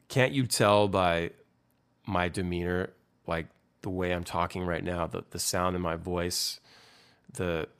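Young male band singer, deep voice, loose and candid, rambling with frequent swearing. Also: fairly bright tone, smooth. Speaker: band singer explaining his lyrics. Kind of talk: casual talk about song lyrics.

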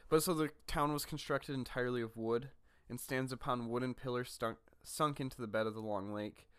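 A man's voice: medium pitch, steady tone, a little fast, fairly bright tone, smooth, no echo, studio quality. A man co-hosting a podcast in casual chat, talking in a rambling, easygoing way full of fillers. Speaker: podcast co-host. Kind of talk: casual chat about a fantasy book.

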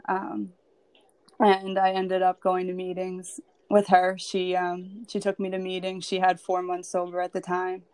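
A woman's voice: fairly low pitch, a little mellow, no echo. A woman sharing her personal story as a podcast guest, candid and emotional, with lots of "like" and "um.". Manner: candid and emotional, heavy with "like" and "um" fillers.

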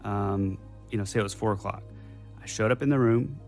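A man's voice: on the low side, fairly quick, creaky, faint music behind. A young adult man telling a personal story casually to a host, with a rambling, detail-heavy delivery full of restarts.

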